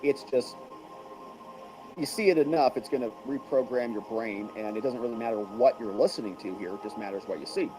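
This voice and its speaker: A man's voice: medium pitch, a little fast, over music, poor audio. A man giving casual commentary on trial testimony, relaying courtroom exchanges in a conversational way and adding his own opinions.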